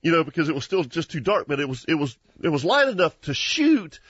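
A man, hosting a hunting show and telling a story in an animated way, with frequent laughs and restarts. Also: fairly high pitch, fast talker, slightly rough, no echo, dull audio. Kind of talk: casual storytelling chat.

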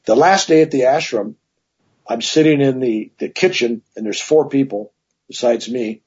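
A man's voice: mid-range voice, moderate pace, husky, dull audio. A man telling long personal stories as a guest in a casual interview, with many asides. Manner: rambling, animated anecdotes with many "right?" asides.

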